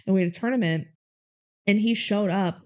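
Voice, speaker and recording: A young woman co-hosting a podcast in casual chat, animated and acting out quotes with big pitch jumps. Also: brisk. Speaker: podcast co-host.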